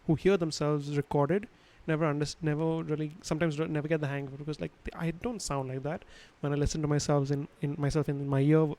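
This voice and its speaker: A man's voice: fairly high pitch, little pitch movement, fast talker, few pauses, a little mellow, low-quality recording. Casual man teaching sound basics. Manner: casual, digressive, many fillers and restarts. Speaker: instructor. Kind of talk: livestream lesson on sound. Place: his home room. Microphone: home studio microphone.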